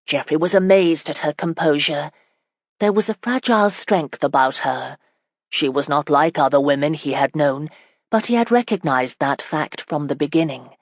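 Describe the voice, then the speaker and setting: A woman reading a romance audiobook in calm, even storytelling. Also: low voice, dry recording. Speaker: audiobook narrator. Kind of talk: scripted audiobook narration.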